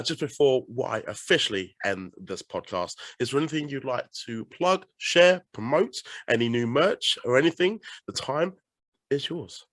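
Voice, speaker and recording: A man's voice: medium pitch, a bit bright, dry recording. A man from the UK, hosting a podcast interview in a playful, encouraging way. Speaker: podcast host. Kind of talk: casual interview chat.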